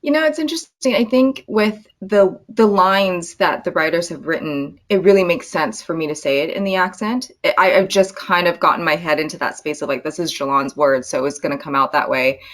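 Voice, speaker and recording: Low-voiced actress in a relaxed interview. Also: female voice, fairly quick, few pauses. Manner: thoughtful, lots of filler and restarts. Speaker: actress guest. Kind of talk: casual interview chat.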